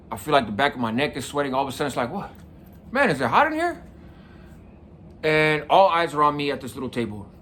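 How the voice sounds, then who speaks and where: A man's voice: on the high side, fairly bright tone, a little hiss or hum. A middle-aged man from California, the host of a show, telling a personal story in a casual, conversational way, often checking in with the listener. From San Mateo County, California. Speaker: podcast host.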